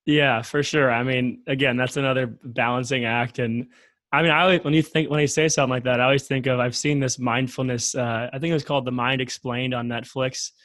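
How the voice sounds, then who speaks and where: A man's voice: mid-range voice, level tone, fairly quick, a bit bright, no room sound. A male podcast host chats casually, laughing easily and letting thoughts trail off. His mid-range voice sits close and dry on the mic. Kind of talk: casual interview chat.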